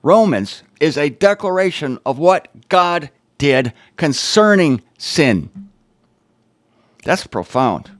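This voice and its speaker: A man's voice: a little high, very animated, takes it slowly, no echo. A man hosting his own show, teaching on the Bible in an informal, emphatic way with wry, sarcastic asides.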